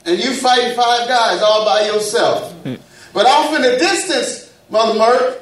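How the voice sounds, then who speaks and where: A man's voice: extremely high pitch, unhurried, a bit bright. Man, preacher, folksy and playful, very roomy church sound. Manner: call-and-response preaching, folksy and humorous. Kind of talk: sermon. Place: church sanctuary. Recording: echoey church room, mic at a distance.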